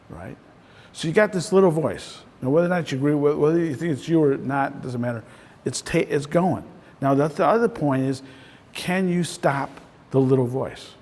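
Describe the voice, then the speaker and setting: A man's voice: on the high side, a little mellow. A man in the role of a real estate coach, giving a casual, conversational talk to a small group and often ending points with "right?". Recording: voice in a reverberant room.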